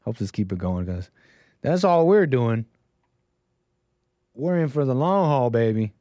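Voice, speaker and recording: A man's voice: medium pitch, expressive, measured pace, mellow, no room sound. A man hosting a call-in livestream, chatting casually and riffing, laughing between his remarks. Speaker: call-in show host.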